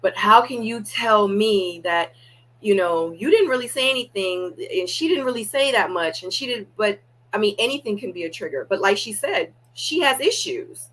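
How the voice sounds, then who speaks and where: A woman's voice: mid-range voice, expressive, moderate pace, fairly bright tone, rough recording. A woman hosting a live reaction watch party, talking candidly and straight to her viewers. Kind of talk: casual reaction commentary.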